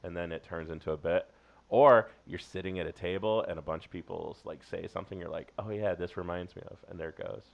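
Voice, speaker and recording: A man's voice: sits low, fast, vocal fry, lo-fi sound. A man in his forties, a guest comedian, telling rambling jokey anecdotes in casual podcast chat.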